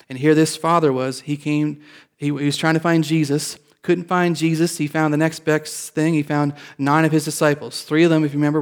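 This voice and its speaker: A pastor in his fifties with a fairly high-set voice tells a story in his sermon. He talks in a chatty, rambling way, restarts his sentences often, and lifts into animated bursts when the story turns funny. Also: smooth.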